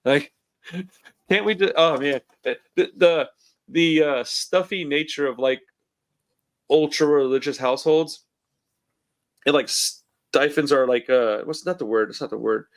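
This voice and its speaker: Heard over a computer call mic, a forties-aged podcast host speaks in a slightly high voice, taking his time and pausing often. The chat is casual, easygoing, rambling and full of swearing.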